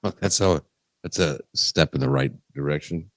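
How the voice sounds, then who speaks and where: Very deep-voiced man, dry and teasing. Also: moderate pace, no room sound. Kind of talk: casual live-stream chat.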